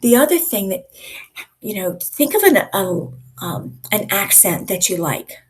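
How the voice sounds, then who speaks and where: A woman coaches a group on a video call. Her voice is husky and sits at a middling pitch. She talks in a lively, conversational way and often acts out examples as she teaches. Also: unhurried. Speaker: communication coach. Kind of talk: live online coaching session.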